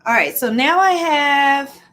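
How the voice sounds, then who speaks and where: A woman with a high, expressive, slightly bright voice talks slowly while hosting a casual cooking livestream from her home kitchen. She keeps up a chatty stream as she chops, greeting viewers by name.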